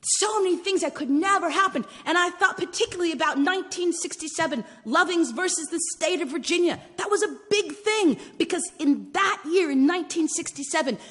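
A woman in her forties telling personal stories in a sermon, swinging between hushed whispers and loud exclamations. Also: very high-pitched, brisk, hardly any pauses, in a large hall. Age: 40s. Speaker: guest preacher and storyteller. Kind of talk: storytelling sermon. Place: church sanctuary.

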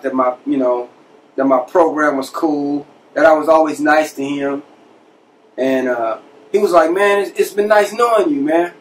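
Man telling a story from a distance. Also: on the high side. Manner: conversational, animated retelling with quoted dialogue. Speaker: podcast host telling a personal prison story. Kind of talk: casual storytelling.

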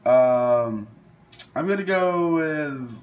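A man's voice: on the high side, expressive, extremely slow, a little mellow. A young man casually commenting while playing a would-you-rather game, thinking aloud and hesitating over his picks. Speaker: gaming video host.

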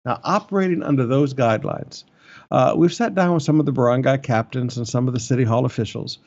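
An older male pastor speaks at a middle pitch with earnest conviction, driving each point home by saying it again. His voice comes through a slightly dull, muffled church livestream recording. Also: a little fast, a little mellow. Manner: earnest, repeats points for emphasis. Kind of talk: sermon and church announcements. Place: church in the Philippines.

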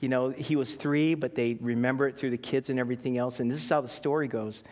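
A middle-aged man preaching a sermon in a conversational, animated way, telling stories with many ums and restarts. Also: mid-range voice, fast. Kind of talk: sermon with personal storytelling. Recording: long hall reverb.

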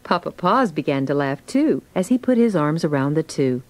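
Low-voiced woman narrating a storybook. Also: very animated, moderate pace, low-quality recording.

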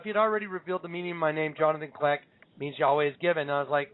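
Rapid-fire and fairly even in intonation, a man with a high-side voice hosts a call-in show about the Bible. His phone-line teaching is emphatic storytelling, with the quotes acted out.

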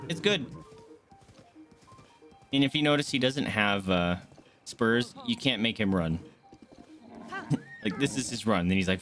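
A young man streaming a game, chatting casually with viewers, excitable, swearing, jumping from hushed asides to loud outbursts. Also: medium pitch, moderate pace, long pauses, soft background music. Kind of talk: casual gameplay commentary.

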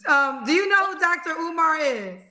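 Bright, high-voiced woman hosting a livestream. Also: normal speed. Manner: loud, blunt and animated storytelling. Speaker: livestream host. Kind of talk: casual live-stream chat.

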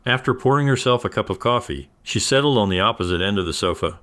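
A man with a very low, deep voice telling a first-person story. He reads a scripted narration at an even, measured pace, keeping his delivery steady throughout.

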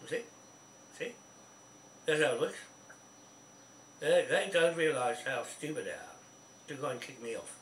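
A man's voice: fairly high pitch, lively intonation, moderate pace, long pauses, fairly bright tone, distant mic. A New Zealand man holds forth in a rambling, insistent way, stumbling over restarts and repeating himself. He speaks from some way off the mic, and the recording sounds echoey with a faint hiss behind him. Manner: insistent, keeps asking "see?". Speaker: speaker on a phone call. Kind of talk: rambling phone chat.

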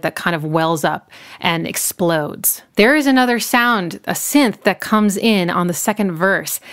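A woman's voice: medium pitch, fairly bright tone, clean tone. Enthusiastic woman breaking down a song. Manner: enthusiastic, playful wordplay, sings snippets. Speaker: music analyst. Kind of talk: casual music breakdown.

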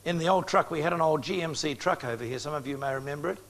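Talking fast in a voice on the high side, this sixty-something preacher delivers an evangelistic message. He speaks straight to his listeners and acts out conversations within his stories.

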